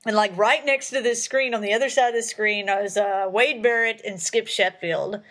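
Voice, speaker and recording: A woman's voice: medium pitch, fairly even intonation, moderate pace, a bit bright. A young woman hosting a casual chat, rambling along with many fillers as she tells stories. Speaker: host.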